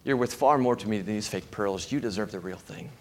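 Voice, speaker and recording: Sermon story: a gentle, soft-spoken father, voiced by a man. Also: lowish voice, brisk, vocal fry, voice pushed down. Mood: tender. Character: gentle loving father at bedtime.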